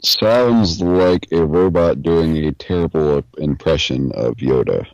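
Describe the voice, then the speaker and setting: A male co-host with a very deep voice, trading dry quips in a casual comedy chat. His mic sounds dull and dry, with no room at all. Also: takes it slowly, a little mellow, no room sound.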